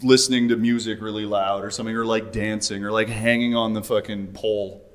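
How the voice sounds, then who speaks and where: A man's voice: on the low side, level tone, fairly quick. A man co-hosting a podcast, chatting casually with a wry, joking tone. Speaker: podcast co-host. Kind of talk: casual comedic chat.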